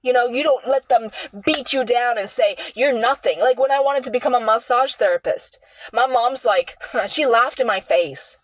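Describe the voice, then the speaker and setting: A young woman telling a candid personal story, earnest and heartfelt, with halting restarts and sighs. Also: a little high, slight background noise, poor audio. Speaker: vlogger sharing a personal story.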